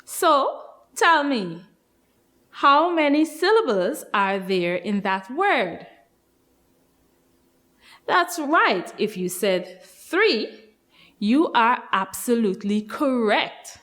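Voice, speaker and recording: A woman leads a nursery phonics lesson in a bright, sing-song teacher's manner. Her pitch sits a little high and leaps around as she prompts the children, and she draws every word out very slowly. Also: sing-song. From Guyana.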